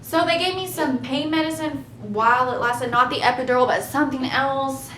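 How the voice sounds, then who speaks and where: A young woman casually telling her labor story to camera, chatty and animated, laughing at herself now and then. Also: normal speed. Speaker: vlogger. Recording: echoey room with faint rumble.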